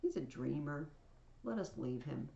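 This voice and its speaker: A woman reading aloud as a commanding male Roman ruler, proclaiming his lines loudly. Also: low voice, expressive, a little slow, creaky, roomy sound, muffled recording, full character voice. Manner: loud, proclaiming, theatrical.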